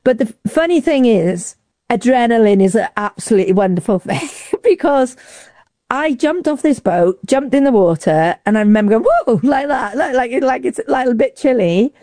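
Animated woman telling a story, mellow and dry. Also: moderate pace, no room sound. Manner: lively, acts out quotes with big pitch jumps. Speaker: interview guest. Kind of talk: casual storytelling.

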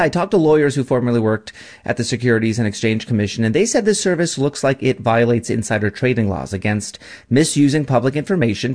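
A male correspondent explains a news story during a radio interview. His delivery is measured and factual, in a mid-range voice. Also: mid-range voice, darkish tone. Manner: measured, reportorial.

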